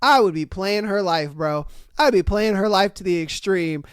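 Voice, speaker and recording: A man hosting a podcast, reading listener stories and ranting about them in a casual, profane, animated way. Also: sits high, normal speed, smooth, dry recording, studio quality. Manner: animated, profane, acts out rants loudly. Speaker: podcast host.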